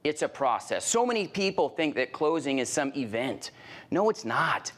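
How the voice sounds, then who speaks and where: Animated man giving a sales training talk. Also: a little high, moderate pace. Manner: animated, acts out scenes with sudden loud exclamations; punchy repeated phrases and rhetorical questions.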